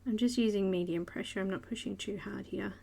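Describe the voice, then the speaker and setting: An Australian woman hosts a live coloring session, talking through every stroke in a relaxed, chatty way. Her voice carries a light gravelly fry at an ordinary pitch, and she greets viewers by name as she works. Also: fairly quick. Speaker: host of a live coloring stream. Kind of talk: live art tutorial narration.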